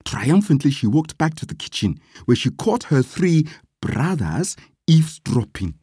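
A slow, expressive storyteller whose pitch swings widely through the tale. The voice is husky and recorded close and dry. The reading is lively and dramatic. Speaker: narrator.

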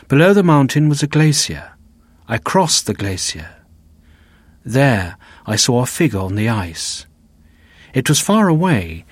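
A man slowly reading a simplified classic novel aloud for learners, including the page numbers, in an even, deliberate voice. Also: on the low side, husky, dry recording. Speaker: audiobook narrator. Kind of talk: reading a graded reader aloud.

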